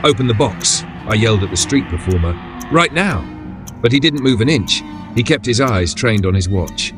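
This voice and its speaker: A male horror storyteller with a low voice, reading in the first person at a measured pace. Music plays beneath the narration. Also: animated. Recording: background music under voice.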